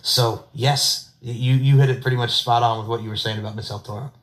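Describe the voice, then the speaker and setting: A man with a New York accent hosting a podcast, chatting in an excitable, rambling, profane way. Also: medium pitch, brisk. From Long Island, New York. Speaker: podcast host. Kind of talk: casual interview chat.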